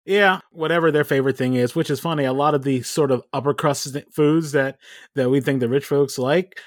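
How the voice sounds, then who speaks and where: A man's voice: medium pitch, brisk, dry recording, clean studio sound. A man hosting a podcast, rambling casually through stories. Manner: chatty, rambling storyteller. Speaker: podcast host. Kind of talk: casual chat.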